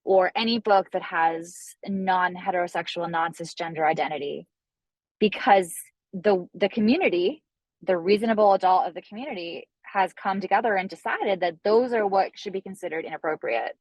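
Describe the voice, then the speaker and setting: A woman's voice: on the low side, moderate pace, no echo, rough recording. A woman author, a guest in a library discussion, explaining earnestly with frequent restarts. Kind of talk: discussion talk.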